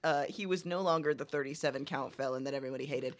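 A woman's voice: low-pitched, fast. Wry woman podcast co-host. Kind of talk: casual chat.

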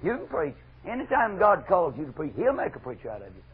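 A middle-aged man preaching a fervent revival sermon, moving from loud exhortation to hushed asides. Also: a little high, huge pitch swings, fast talker, breathy edge. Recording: dull lo-fi archival sermon recording.

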